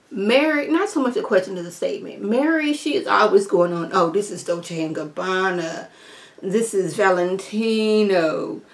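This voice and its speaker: A woman YouTuber giving a casual, sassy review of a reality TV episode, talking straight to her viewers and sounding exasperated. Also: medium pitch.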